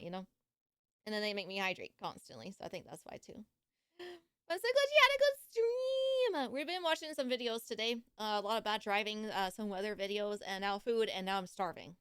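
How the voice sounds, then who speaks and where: A woman's voice: mid-range voice, clean tone, no echo, clean studio sound. A young woman on a live stream, chatting casually and giggling as she greets viewers and reacts to videos.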